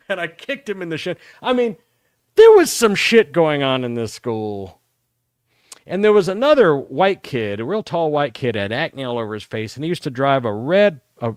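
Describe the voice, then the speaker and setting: A middle-aged man hosting a talk show, telling rambling, profane stories about his school days in a casual, animated way. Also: medium pitch, no room sound, studio quality. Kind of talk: casual storytelling.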